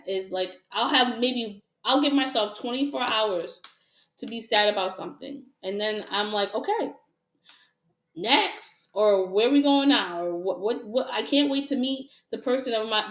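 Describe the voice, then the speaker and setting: A woman's voice: fairly high pitch, fairly bright tone, reverberant. A woman giving a casual tarot reading to her viewers, frank and repetitive, asking rhetorical questions and laughing often. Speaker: tarot reader.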